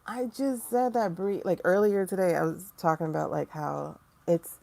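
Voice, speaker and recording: A woman hosting a casual livestream tarot reading, chatty and animated, with sudden mocking asides to her viewers. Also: on the low side, normal speed, creaky. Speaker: tarot reader and livestream host.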